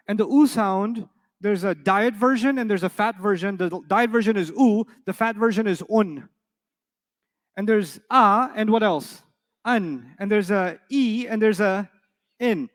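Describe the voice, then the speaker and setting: A middle-aged man teaching Arabic to a live class, playful and jokey, often quizzing his students. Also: sits high. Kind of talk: classroom lecture to a live audience. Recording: reverberant lecture hall.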